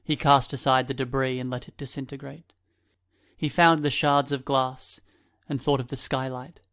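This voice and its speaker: Flat-voiced male audiobook narrator. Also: medium pitch, moderate pace. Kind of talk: scripted narration.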